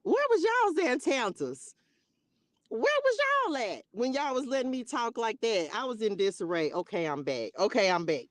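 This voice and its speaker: A woman's voice: medium pitch, very animated, a little fast, few pauses, no room sound, clean studio sound. A woman hosting a spiritual live stream, chatting casually and playfully with her viewers in a loose, slangy way.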